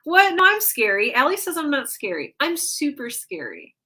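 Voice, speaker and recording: A woman's voice: sits high, wildly swooping pitch, normal speed, pushed and bright. A woman hosting a livestream in casual chat, reading viewer comments aloud and reacting in an upbeat, playful way. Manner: playful self-teasing, frequent "like" and "um".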